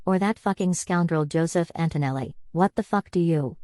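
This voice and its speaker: A woman's voice: fairly low pitch, normal speed, dark tone, no room sound, clean studio sound, close to an everyday voice. Woman reading as a defiant, cursing father. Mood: angry. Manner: blunt, swearing. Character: gruff middle-aged father, defiant and profane.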